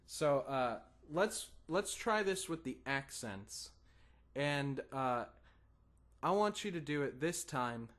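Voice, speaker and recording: A man's voice: fairly high pitch, expressive, takes it slowly, fairly bright tone. A man teaching a guitar lesson, patient and encouraging, counting in and singing strum rhythms as "da da".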